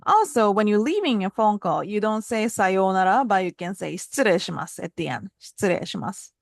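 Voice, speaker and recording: A woman teaching phrases in a casual spoken lesson, modeling words with lively jumps in pitch. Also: fairly quick, creaky, no room sound, clean studio sound. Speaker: Japanese language teacher.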